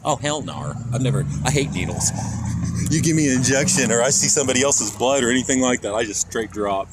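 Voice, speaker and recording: A man's voice: mid-range voice, lively intonation, a little fast. A man from Kansas live-streaming on a phone as he walks outdoors, rambling and swearing as he talks straight to his chat. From Kansas, USA. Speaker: IRL streamer. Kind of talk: casual live-stream chat while walking. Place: outdoors on city streets. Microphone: handheld phone. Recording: phone stream with loud street noise. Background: traffic and street noise.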